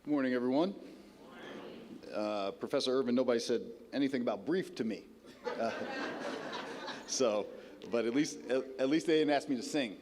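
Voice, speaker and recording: A man's voice: medium pitch, fairly quick, noisy background. Wry man speaking in a reverberant hall. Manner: wry, self-deprecating, frequent "uh" fillers. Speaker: college dean. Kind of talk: ceremony speech. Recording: long reverb of a large hall.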